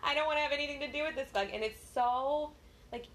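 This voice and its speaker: Bright, giggly woman telling stories. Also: high voice, quick pace. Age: adult, mother of a young child. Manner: giggly, self-deprecating storyteller. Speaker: podcast co-host. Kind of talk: casual chat.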